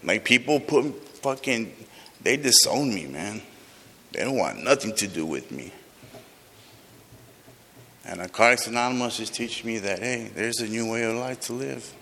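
A man's voice: fairly low pitch, animated, moderate pace, pauses often, bright, forceful tone, slight background noise. A man sharing his recovery story with a group, raw and emotional, swearing often, heard in a large room. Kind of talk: personal recovery testimony to a group. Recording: long reverb of a large hall.

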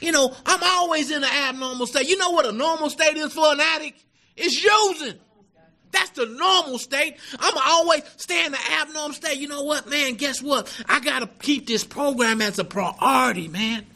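Middle-aged man, very high and bright voice, emphatic recovery testimony at a meeting. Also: normal speed. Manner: emphatic and earnest, peppered with "man" and "right?". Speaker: recovering addict sharing at a meeting.

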